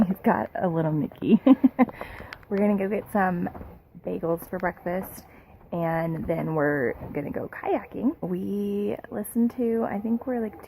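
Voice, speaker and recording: A woman's voice: mid-range voice, dark tone, slight background noise, low-quality recording. A woman chatting casually in a vacation vlog, bubbly and full of "little" and "like", touring a small cabin. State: morning voice. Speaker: vlogger.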